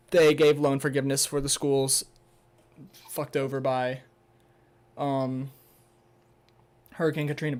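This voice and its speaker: Rambling sarcastic young man, fairly high voice. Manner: rambling, sarcastic, swears, stumbles when reading. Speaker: streamer. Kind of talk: casual livestream, reading an article aloud.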